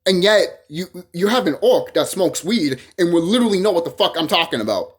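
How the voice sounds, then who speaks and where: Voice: medium pitch, lively intonation, fairly quick, slightly rough. A vlogger delivering a heated, profane monologue to camera, often repeating phrases and restarting sentences.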